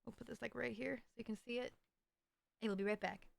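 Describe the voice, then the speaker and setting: A woman's voice: fairly high pitch, steady tone, fast, vocal fry. A woman livestreamer chatting casually to her stream, rambling and playful with a self-mocking edge.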